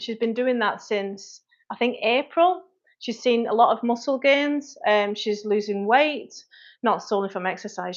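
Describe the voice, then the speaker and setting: Frank woman personal trainer. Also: a little high. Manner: frank, chatty, quick asides to commenters. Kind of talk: livestream Q&A, reading viewer comments. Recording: dull lo-fi livestream audio.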